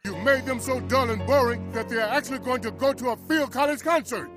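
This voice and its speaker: A man's voice: very high voice, fairly quick. An actor voicing an urgent cartoon man who gives commands. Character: urgent high-voiced cartoon man pushing a fix. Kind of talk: cartoon voice acting. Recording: cartoon clip with music underneath.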